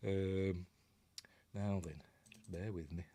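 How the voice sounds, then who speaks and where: A man's voice: sits low, warm tone, slight background noise. A man with a Yorkshire accent hosting a casual livestream, rambling and chuckling as he answers viewer comments. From Yorkshire, England. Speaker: host of a film review livestream. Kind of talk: casual live-stream chat.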